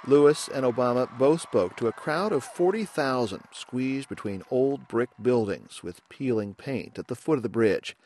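A man filing a scripted radio news report in an even, measured newsreader delivery. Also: medium pitch.

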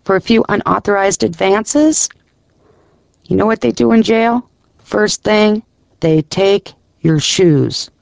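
A man's voice: sits high, slow, gravelly, no echo, voice pushed up, heavily acted. A man voicing a preachy middle-aged male recovery sponsor with a Midwestern American accent, lecturing with pointed rhetorical questions.

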